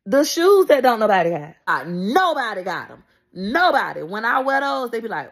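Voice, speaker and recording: A woman's voice: medium pitch, moderate pace. A woman vents in a casual vlog, speaking straight to her followers. Her voice sits mid-range but swings widely up and down as she gets worked up. She curses freely and repeats words. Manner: animated, profane, repeats herself when upset; addresses her followers directly. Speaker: content creator.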